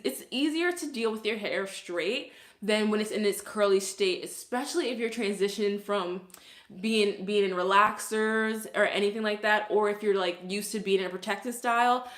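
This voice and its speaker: A woman's voice: medium pitch, a bit bright, echoey room. A young woman from Brooklyn with a Brooklyn accent, a curly hairstylist chatting casually through a hair tutorial, full of "like"s and laughs. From Brooklyn, New York. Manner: chatty, many "like"s, laughs often.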